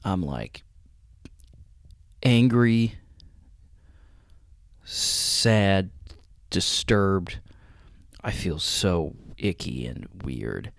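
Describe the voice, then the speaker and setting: A man hosting a reaction video at home at night, rambling and halting as he talks, sounding shaken. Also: low-pitched, animated, vocal fry, no room sound, studio quality. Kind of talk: casual reaction commentary.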